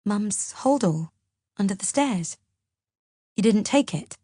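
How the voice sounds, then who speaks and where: A woman voicing a worried young husband who talks softly and pleadingly. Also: medium pitch, lively intonation, slow, no room sound, studio quality. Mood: gentle.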